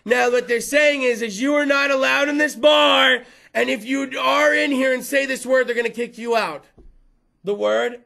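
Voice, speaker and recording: A man in his thirties hosting a rowdy live show at a bar. He talks loud and crude and rambles on with the crowd, in a very high, bright voice with some gravel in it. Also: normal speed. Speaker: host. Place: bar or venue with a live audience.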